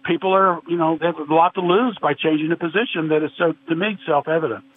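A man's voice: fairly high pitch, fairly even intonation, quick pace. A man guest in a religious discussion, earnestly explaining and quoting scripture at length. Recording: tinny phone-like line with faint hiss.

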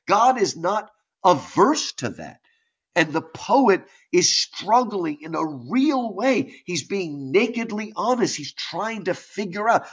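A man talking about poetry and faith in an animated, conversational way, often stopping to read verse aloud. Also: a little high, slightly rough. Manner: animated, enthusiastic, reads verse aloud with dramatic drops. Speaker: guest teaching on poetry and faith. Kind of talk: conversational lecture.

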